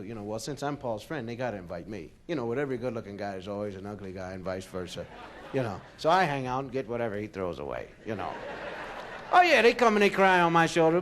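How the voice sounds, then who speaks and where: A man from Philadelphia telling a long comic story on stage, in a chatty, animated way full of "you know" and "man". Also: medium pitch, fast talker, slight background noise. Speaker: comedian. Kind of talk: stand-up storytelling.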